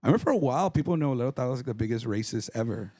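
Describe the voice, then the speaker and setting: A man chatting as a podcast guest, rattling off tour stories at high speed. He swears freely and acts out the people he quotes. The sound is dry and close to the mic. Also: lively intonation, rapid-fire, mellow, no room sound. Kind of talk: casual storytelling chat.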